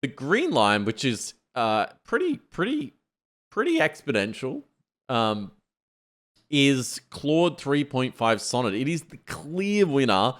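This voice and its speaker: A man's voice: medium pitch, sing-song, slow, fairly bright tone. A man co-hosting a tech podcast, talking loosely with many fillers. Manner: loose, filler-heavy, uses "like" a lot. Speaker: podcast co-host. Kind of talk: casual tech podcast chat.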